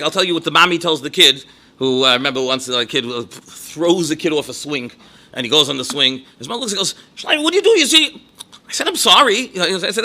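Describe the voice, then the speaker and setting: Bright-voiced rabbi telling teaching stories. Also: male voice, fairly high pitch. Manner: storytelling, peppered with Yiddish and Hebrew words. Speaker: rabbi and educator giving a talk. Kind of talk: lecture with anecdotes.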